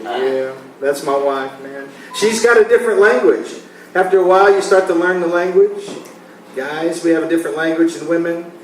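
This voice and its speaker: A stand-up comedian in his forties works a comedy club stage with a loose, conversational routine, laughing at his own jokes as the audience laughs too. His fairly high voice moves at normal speed, recorded from a distance in an echoey club with slight background noise.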